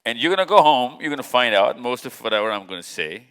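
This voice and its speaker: A man talks fast and very animatedly to a live audience, keeping things casual and chatty as he jokes and quizzes individuals in the crowd. His mid-range voice is bright, forceful and clean. He's on stage in a large hall lit by stage lights, and the sound carries a long hall reverb.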